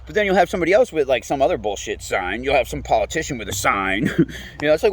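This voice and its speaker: Profane, rambling man with a lively voice. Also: mid-range voice, fast, slightly rough. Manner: profane, rambling, animated, laughs often. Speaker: interviewee. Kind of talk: casual rant.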